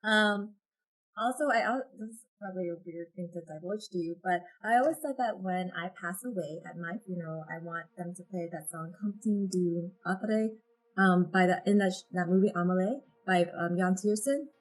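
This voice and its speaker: A woman's voice: lowish voice, moderate pace, low-quality recording. A woman guest, a photographer, talking in an earnest, heartfelt way in a casual interview, rambling a little with fillers. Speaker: guest, photographer and agency founder.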